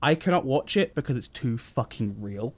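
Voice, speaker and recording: Animated British guy telling anecdotes. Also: mid-range voice, moderate pace. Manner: animated, acts out quoted dialogue. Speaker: podcast co-host. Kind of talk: casual anecdote chat.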